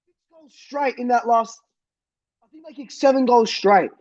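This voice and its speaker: A high-voiced man in a furious fan rant, swearing hard and hammering the same phrases over and over, often breaking into shouts. The recording is dull and lo-fi. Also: moderate pace, no echo. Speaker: football fan vlogger.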